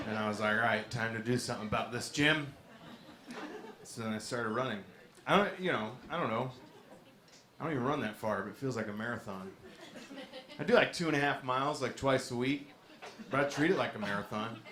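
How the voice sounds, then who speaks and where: A man doing a stand-up set in a comedy club, with a low-key, deadpan delivery. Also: fairly quick, long pauses. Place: comedy club stage with a laughing audience. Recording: echoey club with audience noise.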